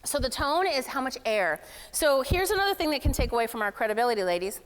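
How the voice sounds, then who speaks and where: A woman speaking with a raised, smooth and resonant voice in a large, echoing hall. She talks in a lively and playful way, casual and direct with the crowd. Long reverb trails after her words. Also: high voice, fast. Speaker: speaker at a summit. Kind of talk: energetic motivational workshop talk.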